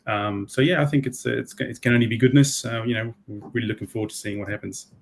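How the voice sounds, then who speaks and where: A man's voice: medium pitch, fairly even intonation, fast, vocal fry, slight background noise. A man from New Zealand, a guest in a casual tech chat, talking in an easygoing way with fillers. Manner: easygoing, laughs easily, many fillers. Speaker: guest, solutions architect.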